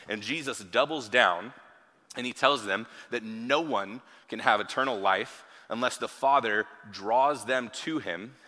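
A man's voice: medium pitch, measured pace, sharp tone, long reverb tail. A man preaching a sermon as pastor, in a conversational way with frequent rhetorical asides. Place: church hall.

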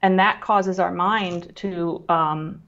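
Calm measured woman, slightly dull audio. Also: on the low side. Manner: calm, measured, with frequent fillers and restarts. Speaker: guest who works with children on emotions. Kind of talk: explanatory interview talk.

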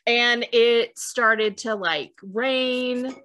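A woman's voice: on the high side, extremely slow, fairly bright tone. A woman in her forties, telling a funny teenage memory in casual chat, rambling with fillers and laughing.

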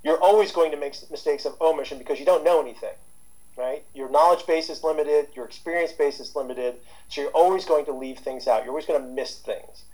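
A man's voice: fairly high pitch, fairly quick, darkish tone, poor audio. A man in his fifties, a therapist being interviewed, talking casually with lots of fillers and restarts. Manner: rambling, with many fillers and restarts. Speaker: guest therapist.

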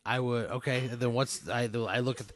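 A man's voice: medium pitch, fairly even intonation, moderate pace. A young man on a comedy podcast, reacting with mock despair and constant swearing as he plays along. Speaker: podcast co-host answering the hypothetical. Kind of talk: improvised comedic banter.

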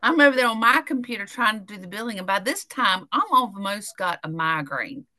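A woman co-hosting a podcast, telling animated stories in casual chat, laughing often and acting out what people said. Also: mid-range voice, brisk. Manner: animated storytelling, laughs often, acts out quotes. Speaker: podcast co-host.

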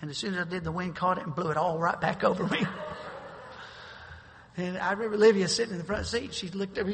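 Middle-aged man, pastor, high bright voice, folksy sermon delivery, echoing hall. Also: quick pace. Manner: folksy storytelling, with bursts of forceful preaching. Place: church sanctuary. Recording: long hall reverb.

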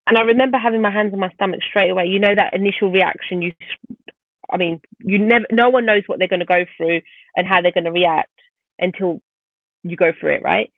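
Gravelly woman on a tinny line. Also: mid-range voice, brisk, no echo. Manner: vivid, animated retelling of a painful event. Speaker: podcast guest. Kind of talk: personal storytelling in conversation.

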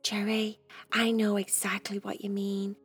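Woman doing a calm, prim girl cat. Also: mid-range voice, slightly rough, faint music behind, voice pushed down. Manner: soft, quiet and measured. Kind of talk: children's bedtime story.

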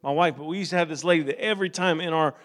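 A man's voice: on the high side, racing, a bit bright. A middle-aged male pastor preaching a sermon, conversational at first and then rising into fervent preaching.

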